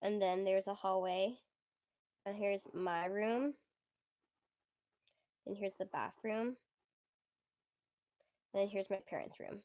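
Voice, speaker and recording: A young woman with a squeaky voice hosting a casual livestream, chatty and giggly, filling her talk with "like". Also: steady tone, slow pace, pauses often, darkish tone, dry recording, dull audio. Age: young adult. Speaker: livestream host.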